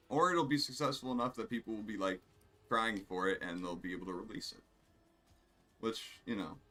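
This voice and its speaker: Male streamer, low voice, casual rambling play-by-play, swears a lot, faint music underneath. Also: pushed and bright. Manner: rambling, profane, self-amused. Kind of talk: casual gameplay commentary.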